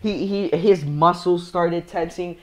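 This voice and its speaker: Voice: mid-range voice, slow. A young speaker telling a casual storytime, rambling with slang and frequent laughter. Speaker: storyteller vlogger.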